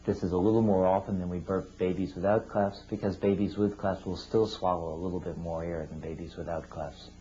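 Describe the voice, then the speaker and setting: A man with a low, dark voice walks parents through feeding steps, patient and plain-spoken. The sound is dull and lo-fi, with a faint hum behind him. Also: fairly even intonation, fairly quick, hardly any pauses. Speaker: cleft team clinician teaching parents. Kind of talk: instructional talk to parents.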